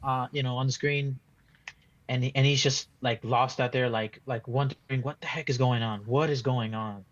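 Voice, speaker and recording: A man's voice: mid-range voice, steady tone, normal speed, dry recording, highs cut off. Rambling frustrated football fan, man. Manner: rambling, frustrated, many restarts and "like" fillers. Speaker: football fan being interviewed. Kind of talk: casual post-match fan reaction.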